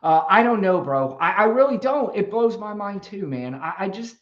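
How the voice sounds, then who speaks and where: A fired-up man hosts a live debate stream, his voice a bit high and bouncing all over as he lectures callers. He curses freely and sounds confrontational. The audio is dull and lo-fi. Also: very animated, normal speed. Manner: combative, profane, lecturing. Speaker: livestream host.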